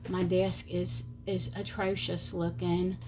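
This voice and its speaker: A middle-aged woman with a Southern accent rambles happily through a casual planner vlog, her voice sitting low. Her speech runs slightly slurred, and she drops to a murmur when counting. A faint noise sits under the recording. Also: level tone, slow pace. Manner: rambling, talkative, self-deprecating, counts under her breath. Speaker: planner channel host. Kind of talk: casual chatty crafting vlog.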